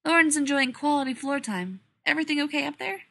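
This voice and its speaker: A woman voicing a relaxed, offhand male military officer in a story reading. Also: high voice, fast, vocal fry, voice pushed up, full character voice. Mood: breezy.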